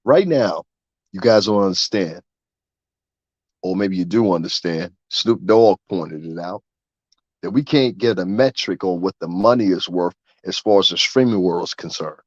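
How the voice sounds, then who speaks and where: A man talking straight to camera in a profane, rambling rant about the music industry, getting louder and more animated as he goes. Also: deep voice, normal speed, dry recording, muffled recording. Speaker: vlogger. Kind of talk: ranting commentary.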